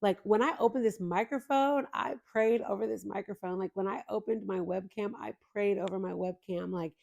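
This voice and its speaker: A woman's voice: medium pitch, normal speed, vocal fry, darkish tone. A young adult woman hosting a faith podcast, talking in an earnest, emotional way straight to her listeners. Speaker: podcast host. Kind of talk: heartfelt faith podcast intro.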